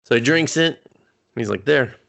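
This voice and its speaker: A man co-hosting a casual movie review podcast, swearing freely and acting out the characters' lines in quick impressions. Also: medium pitch, lively intonation, vocal fry, a bit bright. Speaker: podcast co-host.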